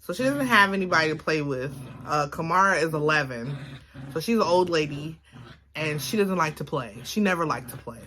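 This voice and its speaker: A woman from Baltimore, Maryland, with a Baltimore accent, vlogs from home, chatting casually to her phone camera and rambling with plenty of fillers. Her voice is deep and expressive, with a sharp tone and a fairly quick pace.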